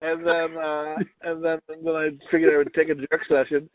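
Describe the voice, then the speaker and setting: A man's voice: fairly high pitch, completely flat delivery, fairly quick. A man co-hosting a podcast, telling crude stories in a rambling, laughing way. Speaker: podcast co-host. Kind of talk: crude casual chat. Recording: tinny, phone-like sound.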